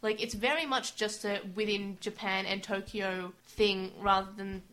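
A woman's voice: medium pitch, fairly even intonation, unhurried, fairly bright tone. A woman co-hosting a casual chat, recapping scenes with lots of filler words. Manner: chatty, recapping with many "like" fillers. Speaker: podcast co-host. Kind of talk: casual chat comparing anime versions.

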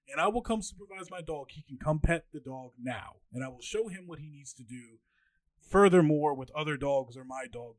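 A man in his twenties hosting a podcast, telling stories in a casual, animated way and acting out what other people said. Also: dry recording. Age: 20s. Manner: animated, acts out quoted people with jumps in pitch. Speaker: podcast host. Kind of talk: casual storytelling monologue.

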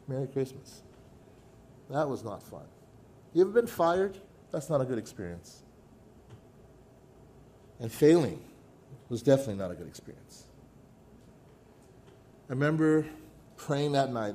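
A middle-aged man preaching a sermon, his voice mellow and warm. He tells a story from his life with dramatic pauses, sometimes dropping to a near hush. A faint ambient hum sits behind him. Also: mid-range voice. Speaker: pastor.

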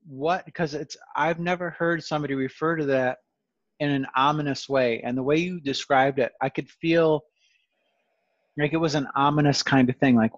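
A man's voice: on the high side, no echo, dull audio. A man hosting a conversational interview, rambling and self-aware with sarcastic asides. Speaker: podcast host.

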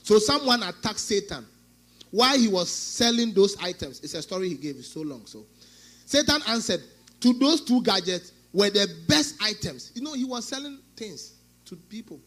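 Man, pastor, high-pitched, sermon, loud bursts, acted quotes, middle-aged. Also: very animated, normal speed. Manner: preaching with sudden loud outbursts and acted quotes.

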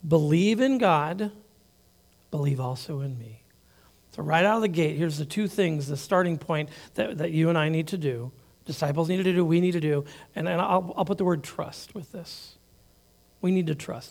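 A male pastor delivering a sermon in a loose, conversational way, doubling back on words and tossing in quick asides. His voice sits high for a man and carries a gravelly fry. He keeps the delivery informal even as he works through the passage.

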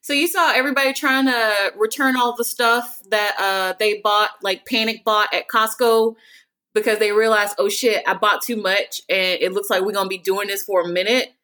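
A woman's voice: medium pitch, fairly even intonation, moderate pace, sharp tone. A woman co-hosting a podcast in casual chat, wry and joking.

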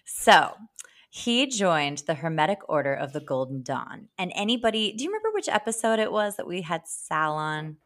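Animated, swearing woman podcast host. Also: on the low side, normal speed. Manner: animated, swearing, jumps between topics. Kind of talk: casual chat.

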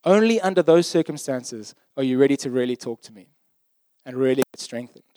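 A man's voice: medium pitch, expressive, fairly quick, dark tone, no room sound, lightly acted. A man voicing God, patient and casual. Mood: gentle. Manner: casual, paraphrasing in plain modern speech. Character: God, patient and close, speaking to a weary prophet.

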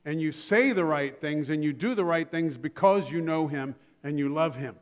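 A man preaching from the pulpit in a relaxed, conversational style, leaning on wry everyday anecdotes to drive his points home. His voice sits a little higher than most men's and carries a long reverb tail from a large sanctuary. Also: moderate pace. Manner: conversational preaching with humorous asides. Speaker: pastor. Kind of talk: sermon.

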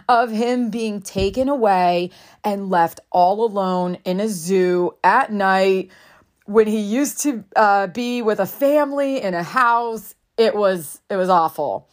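A woman in her thirties talks through a personal parenting story at an unhurried, deliberate pace. Her voice sits at an ordinary middle pitch, and her delivery is candid and reflective, with the odd swear word dropped in. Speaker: mother sharing a parenting story. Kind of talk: casual storytelling monologue.

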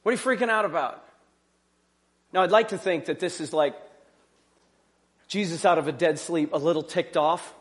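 Brisk and on the high side, this male pastor's sermon has a conversational feel, packed with rhetorical questions and jokes tossed in along the way.

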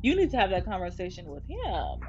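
A woman's voice: fairly low pitch, brisk. A woman in her twenties hosting a podcast, telling a story in a casual, profanity-filled rant to her listeners. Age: 20s. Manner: profane, animated venting to listeners. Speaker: podcast host. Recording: slightly muffled with faint music.

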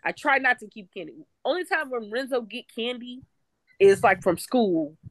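A woman's voice: a little high, lively intonation, normal speed, dry recording. A woman co-hosting a podcast, chatting casually about parenting and rambling with lots of fillers and restarts. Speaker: podcast co-host. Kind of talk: casual chat.

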